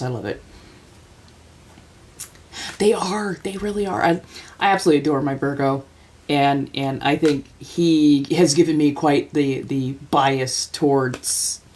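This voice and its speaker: A woman's voice: fairly low pitch, darkish tone. A woman in her forties telling a long personal story in casual chat, laughing often and acting out the voices of the people in it. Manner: chatty, laughs often, acts out quoted voices. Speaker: livestream host.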